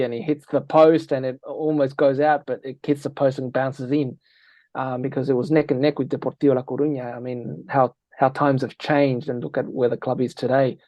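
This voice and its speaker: A man on an interview, a football analyst, telling lively anecdotes and acting out quoted lines. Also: mid-range voice, no echo, lo-fi sound. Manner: energetic, tells anecdotes with quoted dialogue. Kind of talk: animated storytelling interview.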